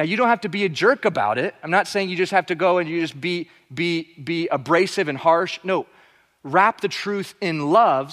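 Man preaching in a reverberant hall. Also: high voice. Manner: emphatic preaching, drops to soft asides. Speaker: pastor. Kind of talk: sermon.

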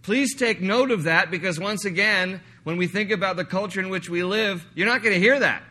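A man preaching a sermon, animated and joking, slipping into mock voices to make his point. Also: high-pitched, a little fast. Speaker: pastor.

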